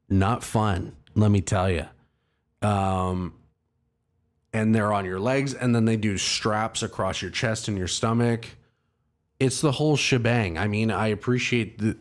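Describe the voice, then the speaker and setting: Low-voiced man rambling a profane story. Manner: rambling, profane and self-mocking, with laughs. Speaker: livestream host. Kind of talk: casual storytelling to a live chat.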